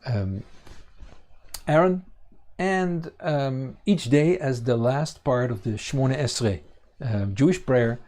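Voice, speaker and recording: A man teaching a congregation on scripture, pausing often with fillers and restarting his sentences. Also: mid-range voice, lively intonation, a little mellow. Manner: halting, many fillers and restarts. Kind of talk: bible teaching.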